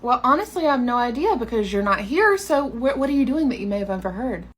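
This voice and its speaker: A woman's voice: a little high, lively intonation, quick pace. A young woman performing a comedy sketch as a sarcastic, sassy salon worker. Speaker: comedy skit creator. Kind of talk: comedy sketch about workplace.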